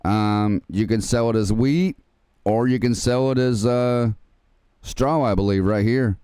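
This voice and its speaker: Speaking a little slowly, a man with a medium-pitched, mellow, clean voice guides his live audience through a farming game's controls. The recording has no echo, and his easygoing, chatty style includes calling viewers "man" and "dude."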